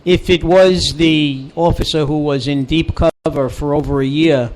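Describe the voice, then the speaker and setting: A male co-host on a talk show chats easily and drops in dry jokes. His voice is slightly higher than most men's. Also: steady tone, measured pace, darkish tone. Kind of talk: casual call-in show chat.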